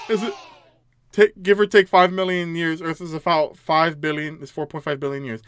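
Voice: medium pitch, steady tone, brisk, a bit bright. A gaming host giving jumpy, nervous commentary on a horror game, laughing nervously and reading the game's text aloud.

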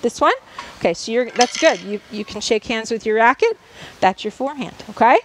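In a school gym, a female coach demonstrates tennis drills for a class, explaining every step and checking in often. Her fairly high voice comes through a rough recording with a little hiss or hum.

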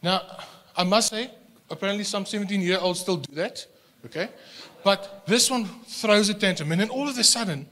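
A man preaches a sermon in a high, lifted voice. He stumbles and repeats words as he restarts, with quick bursts of acted-out scenes. With no microphone, his voice carries through a church hall with a long, echoing reverb. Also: pushed and bright. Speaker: pastor.

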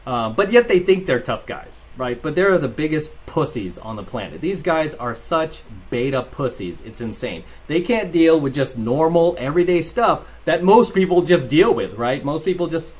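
A man's voice: fairly high pitch, lively intonation, moderate pace, few pauses, husky. Rambling man with a vlog. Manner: rambling, tags lines with "right?"; laughs while telling stories. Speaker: channel host. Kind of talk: casual commentary vlog.

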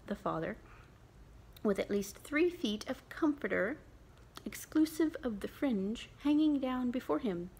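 A woman narrating an unabridged classic novel in a measured, expressive way. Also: a little high, slightly rough. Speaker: audiobook narrator.

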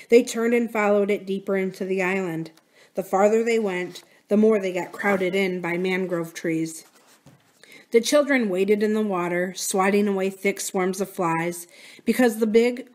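A woman reads a children's adventure novel aloud for a library storytime. Her delivery is expressive and dramatic, at a middling pitch, slowing and softening for suspense.

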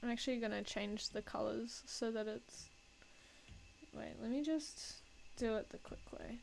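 Woman streamer, self-mocking jokes, slow relaxed talk, slightly high voice, faint background hum. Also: gravelly, low-quality recording. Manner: self-mocking, joking, laughs often. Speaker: artist live-streaming her drawing. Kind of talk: casual live-stream chat while drawing.

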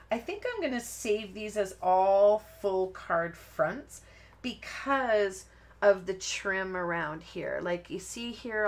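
A woman hosting a live-stream card-making tutorial, talking casually and rambling as she works, often breaking off mid-sentence and laughing at her own slips. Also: mid-range voice. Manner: chatty, rambling, self-interrupting, laughs at herself. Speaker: crafting tutorial host. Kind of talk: live-stream craft demonstration.

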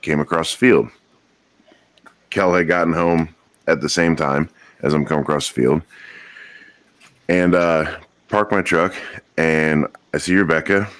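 A man's voice: extremely low pitch, dry recording. A man co-hosting a podcast, telling a rambling, joking story in casual chat with a few curse words. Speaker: podcast co-host.

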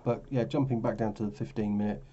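A tired man with a very dark, mellow voice rambles through his trading charts, often stopping to correct himself. His low voice comes through a dull, lo-fi mic with a faint hiss behind it. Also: steady tone, fast talker. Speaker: forex trading vlogger. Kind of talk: casual screen-share commentary.

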